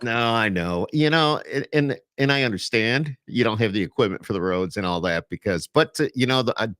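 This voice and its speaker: A man's voice: medium pitch, lively intonation, brisk, a bit bright, no room sound, studio quality. A man with an Upstate New York accent hosting a podcast, chatty and rambling as he talks with a guest over a video call. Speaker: podcast host. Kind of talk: casual interview chat.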